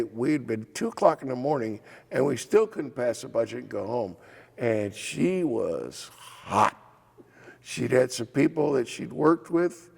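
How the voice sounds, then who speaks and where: Older man, gravelly voice, lively animated pitch, storytelling interview, reverberant hall recording. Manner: animated anecdotes with acted quotes and laughs. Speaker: former legislator and assistant insurance commissioner. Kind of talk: storytelling oral history interview.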